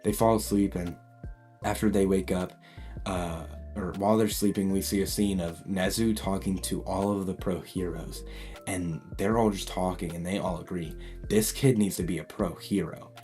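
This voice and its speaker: A man with a deep, mellow voice who tells a fan-made story in a loose, rambling way, often saying "like" and restarting sentences. Faint music plays under his voice. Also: steady tone, normal speed. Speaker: YouTube storyteller. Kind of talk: casual fan-story retelling.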